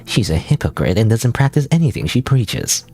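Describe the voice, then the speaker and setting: A man's voice: medium pitch, sing-song, normal speed, a little mellow, faint music behind. A man voicing a smug, spiteful nun in a game, with a mocking, snide delivery. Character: smug, spiteful young nun who gloats.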